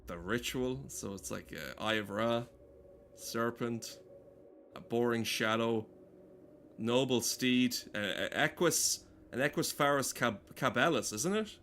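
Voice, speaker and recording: A man's voice: medium pitch, unhurried, a bit bright, a little hiss or hum. A man giving casual, joking commentary while playing a game, rambling and swearing often. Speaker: gaming streamer. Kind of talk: casual let's play commentary.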